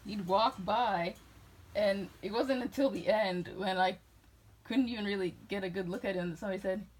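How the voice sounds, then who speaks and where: A woman's voice: medium pitch, moderate pace, low-quality recording. A woman from New England rambling through tangents in a casual chat. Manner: rambling, jumps between tangents.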